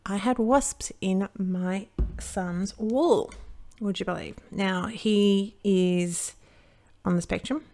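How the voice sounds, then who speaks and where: A woman's voice: lowish voice, gravelly, darkish tone. An Australian woman chatting casually while she crafts, telling a long rambling story that keeps interrupting itself. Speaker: card-making crafter.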